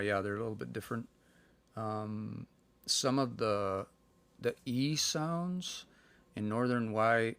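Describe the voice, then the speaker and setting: A man giving a casual live-stream language lesson from home. He thinks aloud and sounds out words slowly. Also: on the low side, vocal fry, a bit bright, no echo. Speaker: language teacher.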